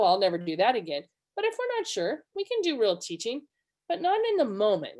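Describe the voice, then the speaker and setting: Middle-aged woman running a parenting webinar, earnest, jumps up in pitch when she quotes people. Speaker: webinar presenter. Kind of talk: conversational teaching with personal stories.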